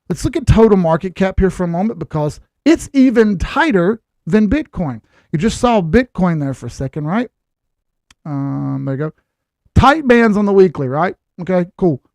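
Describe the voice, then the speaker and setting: A man's voice: high-pitched, a little mellow, no room sound. A man hosting casual crypto chart commentary who talks in a blunt, lecturing way with sarcastic asides. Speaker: crypto chart analyst host.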